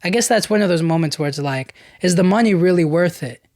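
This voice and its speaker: A man's voice: sits high, a little fast, a little mellow, no echo, clean studio sound. A young man hosting a podcast, retelling a film in loose casual chat, full of "like" and "you know". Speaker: podcast host.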